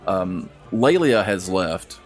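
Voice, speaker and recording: Man running a tabletop game, low voice, easygoing, rambling. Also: expressive, takes it slowly, over music. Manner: easygoing, rambling, fond of filler phrases. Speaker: game master.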